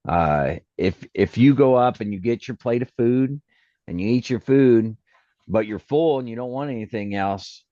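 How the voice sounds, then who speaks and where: A man's voice: low-pitched, dark tone, no room sound. A middle-aged man, a podcast co-host in casual chat, who laughs often and pads his talk with "uh". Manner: laughs a lot, lots of uh fillers. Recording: dull lo-fi dry sound.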